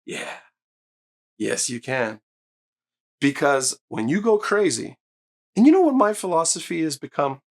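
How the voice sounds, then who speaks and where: He has a fairly high voice, a measured pace, and frequent pauses. On his hi-fi channel, he delivers an energetic, emphatic speaker review to camera, and he swears when excited.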